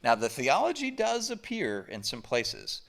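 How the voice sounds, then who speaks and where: Pastor, male, from the southern US, bright lively voice, unhurried conversational sermon. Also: mid-range voice, creaky. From southern United States. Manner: conversational, emphatic preaching with rhetorical questions. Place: church sanctuary.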